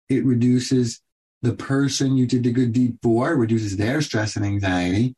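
Guy doctor hosting a health talk show, kinda husky voice, earnest, keeps repeating himself. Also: mid-range voice, darkish tone. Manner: earnest, repetitive coaching tone with quick bursts. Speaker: radio show host and doctor.

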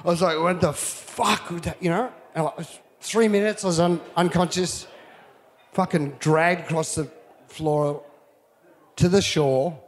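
A man with a slightly high voice tells a story in a loose, profane way. He acts out the lines of the people in it and laughs as he goes. The talk is casual and full of energy. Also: fairly even intonation, measured pace, big-room sound. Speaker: surfer telling a story.

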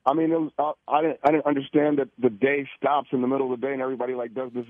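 A man chats casually as a radio guest, rambling and checking in with "you know what I mean" again and again. His voice sits at a middling pitch and comes through dry, thin and phone-like. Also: level tone, rapid-fire, no room sound. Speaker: musician guest. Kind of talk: casual radio interview chat. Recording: tinny phone-like line.

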